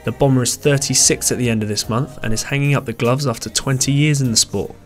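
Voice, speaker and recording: A male sports reporter reads a scripted package at mid pitch, formal and polished, with faint music beneath. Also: steady tone, fast talker. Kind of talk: scripted news package narration.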